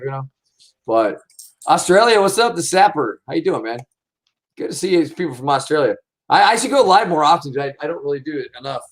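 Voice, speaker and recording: A man hosting a casual livestream, talking in a rambling, excitable way full of swearing. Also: a little high. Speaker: livestream host.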